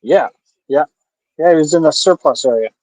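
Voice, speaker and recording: A man's voice: on the high side, moderate pace, dark tone, dry recording, low-quality recording. A man co-hosting a casual beer review chat, laid-back and teasing, laughing easily. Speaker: beer review show co-host.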